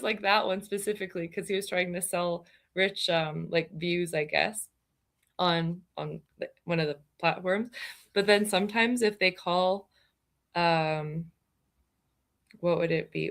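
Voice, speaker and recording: A woman's voice: lowish voice, measured pace, gravelly. A woman chatting casually, telling a funny story with lots of fillers and laughter. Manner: giggly storytelling, many fillers. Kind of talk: casual chat.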